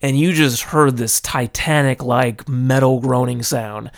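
A man from California, animated and dramatic, telling a personal story into a close microphone. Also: medium pitch, unhurried, creaky. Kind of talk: casual storytelling monologue. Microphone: close studio microphone.

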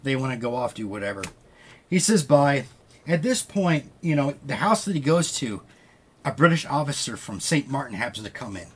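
A man's voice: mid-range voice, sing-song, moderate pace, slightly rough. A man hosting a podcast, casually retelling a story with loose quoted dialogue and frequent swearing. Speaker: podcast host.

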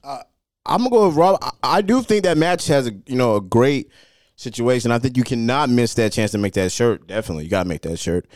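A man giving steady, measured opinions with frequent fillers in a casual chat. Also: mid-range voice, dry recording, clean studio sound.

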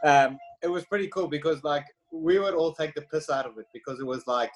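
A man's voice: a little high, fairly quick, few pauses, rough recording. A man in his thirties from South Africa with a South African accent, telling stories in a loose, filler-heavy way. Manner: relaxed storytelling, many fillers. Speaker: former pro cyclist, podcast guest. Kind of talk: casual chat.

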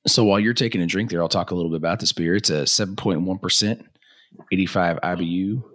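A man co-hosting a casual beer tasting chat, his voice a bit hoarse from yelling. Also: sits low, fast talker, no echo, studio quality. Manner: relaxed, chatty, reads labels aloud. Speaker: co-host of a beer tasting show.

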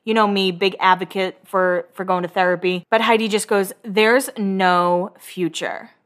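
A woman's voice: medium pitch, fairly even intonation, a little fast, fairly bright tone. A young woman recapping a reality show in a chatty, gossipy way, acting out the quotes in other voices. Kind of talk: casual chat.

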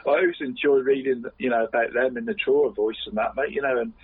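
A man co-hosting a podcast in casual chat, husky, chatty and laughing often. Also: medium pitch, fast talker, no echo. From Cornwall. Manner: chatty, says "mate" constantly, laughs often. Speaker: podcast co-host. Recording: tinny phone-like sound.

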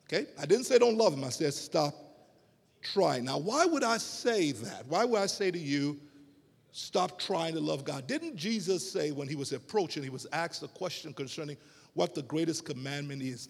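A man preaching a sermon to a congregation, with emphatic, drawn-out phrases and rhetorical questions. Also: fairly high pitch, expressive, gravelly, husky, long reverb tail. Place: church sanctuary.

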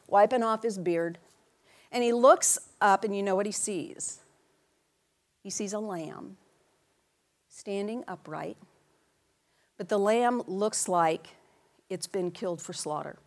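Animated woman preaching a sermon. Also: medium pitch. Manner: animated, calls out to the congregation in big loud bursts; playful, acts out quotes in put-on voices.

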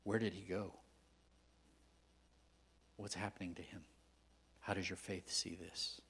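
Husky preacher swinging from whispers to shouts. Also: male voice, sits low, level tone, unhurried. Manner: conversational storytelling, swinging from hushed whispers to loud emphatic outbursts. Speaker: guest pastor. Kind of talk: sermon.

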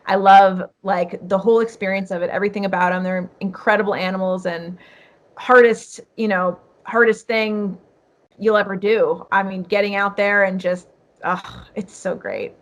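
A woman's voice: mid-range voice, fairly even intonation, moderate pace. A woman guest in a casual chat, talking earnestly and rambling along with many fillers. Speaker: podcast guest, hunter.

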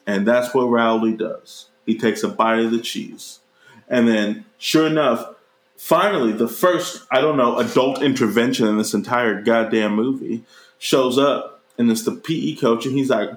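A man talks through a movie in loose, profane chat, springing into high, mocking voices for the characters he quotes. His voice sits at an ordinary pitch for a man. The room around him adds a noticeable echo. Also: moderate pace. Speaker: podcast co-host reviewing a movie. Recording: roomy echo.

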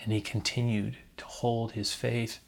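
A man's voice: mid-range voice, flat delivery, unhurried, creaky. A man preaching a reflective sermon, building to emphatic moments and asking listeners to repeat after him.

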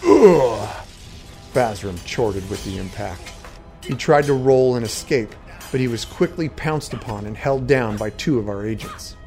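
A man narrating a first-person fantasy adventure story in a dramatic, steady way. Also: mid-range voice, normal speed. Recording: faint background music.

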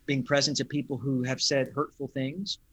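A man, a pastor, talking in an interview in an earnest, thoughtful, unhurried way. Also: medium pitch, little pitch movement. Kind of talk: reflective interview talk.

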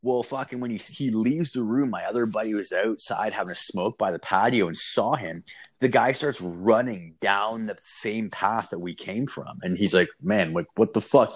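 A young man casually telling a story, swearing constantly and acting out what everyone said. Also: on the low side. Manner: swears constantly, animated retelling with quoted voices.

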